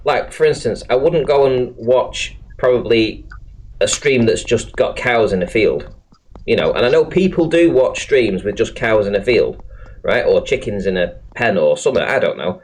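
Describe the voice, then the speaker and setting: A man's voice: medium pitch, expressive, normal speed. A man hosting a live stream chat, talking bluntly, swearing freely and laughing often. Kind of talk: casual chat.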